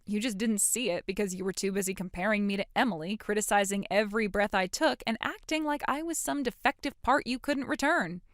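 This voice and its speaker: A defiant young woman, voiced by an actress, who answers with blunt sarcasm in a mid-range voice. The sound is dry and close to the mic. She holds a steady, cutting manner in a dramatic voiced story. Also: mid-range voice, fairly quick, hardly any pauses, no echo, close to an everyday voice. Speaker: grown daughter in a voiced story.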